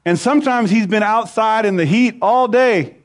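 A middle-aged male pastor preaching a sermon, rising loud on scripture and dropping low and soft. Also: normal speed.

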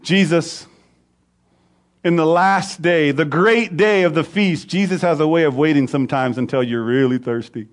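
Middle-aged man preaching, kinda high voice, goes big then real quiet. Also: moderate pace. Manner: preaching, swells loud on scripture then drops low and soft. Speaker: pastor. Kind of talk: sermon.

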